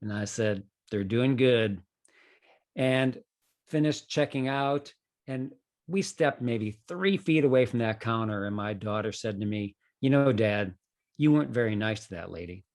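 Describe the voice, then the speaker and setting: A man's voice: on the low side, lively intonation, normal speed. A middle-aged man, a podcast guest, telling a personal story in a conversational way, with many "you know" fillers. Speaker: guest, author.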